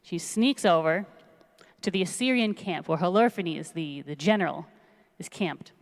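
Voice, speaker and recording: A woman's voice: lowish voice, normal speed. Chatty woman storyteller in an echoey hall. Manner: chatty, animated, lots of fillers. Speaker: storyteller at a synagogue service. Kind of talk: casual retelling of a biblical story. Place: large synagogue sanctuary. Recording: long reverb in a large hall.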